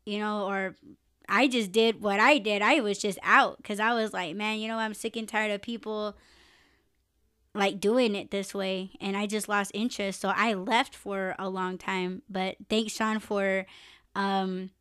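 A woman's voice: medium pitch, steady tone, measured pace, fairly bright tone, smooth, dry recording, clean studio sound. A young woman hosting a live podcast, chatting casually, swearing freely and laughing often. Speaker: podcast host. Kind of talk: casual live-stream chat.

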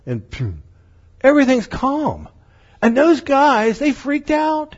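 Man preaching, high husky voice, jumps all over in pitch, kinda dull lo-fi recording. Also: measured pace. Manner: animated, acts out voices in stories, laughs often. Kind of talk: sermon. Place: church meeting room.

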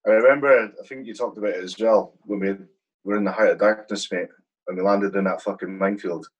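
A man's voice: fairly low pitch, steady tone, quick pace, breathy edge, dull audio. A man from Britain, an army veteran, telling war stories in a casual, heavily sworn way. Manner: swears a lot, vivid war storytelling. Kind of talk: casual chat.

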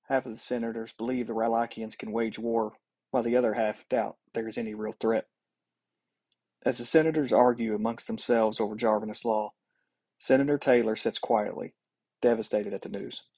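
A man with a husky voice narrating a sci-fi audio story in a steady, dramatic style. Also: on the low side, moderate pace. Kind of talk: scripted narration.

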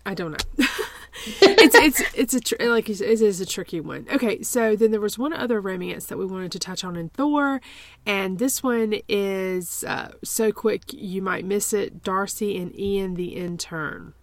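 Hesitant woman with a gravelly voice. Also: mid-range voice, moderate pace, no echo. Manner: hesitant, many restarts and repeated words. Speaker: podcast co-host. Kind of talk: casual chat.

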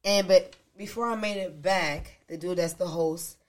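Speaking at normal speed with a voice on the low side, she co-hosts a podcast and tells a story casually. Her delivery is animated, acting out other people's quotes.

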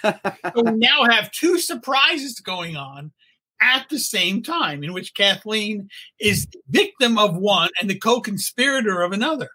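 Older man, anecdote storyteller, bright tone, husky texture, animated delivery. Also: high-pitched, a little slow, poor audio. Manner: animated, laughing storyteller who acts out quotes. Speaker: storyteller guest. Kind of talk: casual anecdote telling.

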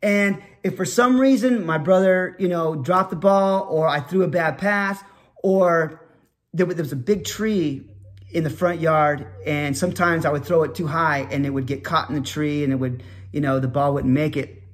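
A man with a fairly high voice tells a nostalgic story from his childhood. He rambles and restarts his sentences, then breaks into loud, shouted sportscaster calls. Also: steady tone, moderate pace.

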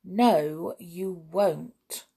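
A woman reading the part of a sensible older schoolboy who leads the group, calm and decisive. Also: lowish voice, very slow, creaky, breathy edge, exaggerated voice. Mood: firm. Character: steady older schoolboy Julian, sensible leader.

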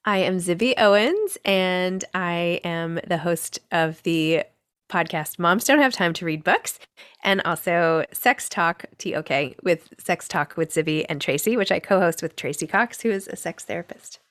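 A woman's voice: on the low side, a little slow, fairly bright tone. A middle-aged woman guest on a podcast, telling a story in a chatty, self-deprecating way and giggling often. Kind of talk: casual interview chat.

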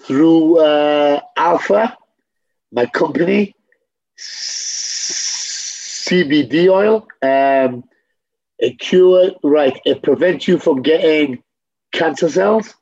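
A man's voice: a little high, extremely slow, darkish tone, slightly rough. A man in a candid documentary interview, talking bluntly with swearing and repeating himself.

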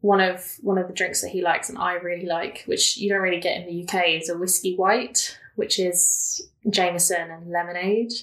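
A woman's voice: on the low side, steady tone, normal speed, hardly any pauses, fairly bright tone. A young woman telling stories in casual chat as a podcast guest, laughing often and full of fillers. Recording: roomy echo.

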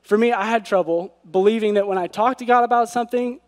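A man's voice: high-pitched, fast. A man giving an earnest devotional sermon who often asks rhetorical questions. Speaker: preacher. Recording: long hall reverb.

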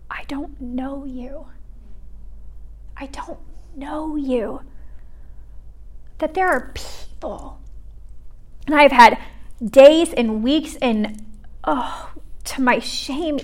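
A young woman with a high voice preaches in a chatty, earnest way, scattering "like" through her sentences. She sometimes drops to a near whisper when she quotes someone. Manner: earnest, chatty, frequent "like" fillers, drops to a hush for quoted words. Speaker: pregnancy center ministry speaker. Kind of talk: casual sermon talk.

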